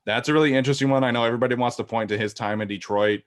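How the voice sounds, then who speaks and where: A man co-hosting a sports podcast, talking casually and thoughtfully, often trailing off quietly at the ends of sentences. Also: mid-range voice, fairly even intonation, racing. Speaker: podcast co-host.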